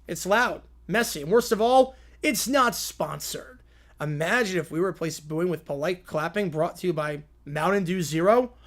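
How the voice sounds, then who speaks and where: A man voicing a sleazy, incompetent cartoon lawyer who pitches to the jury like a nervous salesman. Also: normal speed, fairly bright tone. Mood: smarmy.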